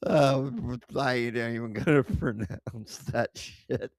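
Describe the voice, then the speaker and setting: A man's voice: mid-range voice, fairly even intonation, takes it slowly, no room sound. A man hosting a livestream, reading chat aloud and mocking it, swearing and laughing often, close to his desk mic. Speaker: livestream host.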